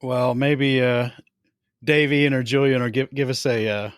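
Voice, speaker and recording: A man hosts a casual podcast about a hobby, with a laid-back and dry-humored manner. His voice sits at a middling pitch. The sound is dry and close, with no room echo. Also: fairly even intonation, a little slow, smooth. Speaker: podcast host.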